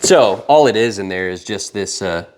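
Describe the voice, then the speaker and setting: A man from the company demonstrating a training kit, explaining in a relaxed way while handling it. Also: fairly low pitch, normal speed. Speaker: company representative. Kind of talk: product demonstration.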